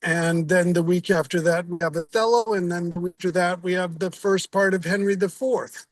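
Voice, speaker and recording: A man's voice: sits high, steady tone, moderate pace, no room sound. A man hosting a reading group on a video call, chatting in a rambling way with frequent restarts. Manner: rambling, laughing, restarts sentences. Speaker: organizer and host of a reading group. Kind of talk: casual wrap-up chat.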